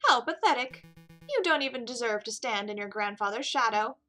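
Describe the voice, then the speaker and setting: A cutting, scornful rival, put on by a woman, taunting in a high, lively voice. Faint music hums behind. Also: a little fast. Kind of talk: game dialogue read aloud.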